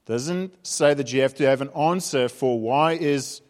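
South African preacher in an echoing hall. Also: male voice, medium pitch, unhurried, darkish tone. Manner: conversational, humorous storytelling. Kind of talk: sermon. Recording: reverberant hall.

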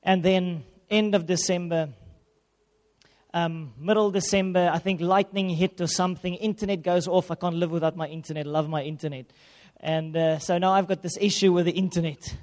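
A man, a pastor, telling a lively, self-mocking personal story in a sermon. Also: sits high, normal speed. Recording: long reverb of a hall.

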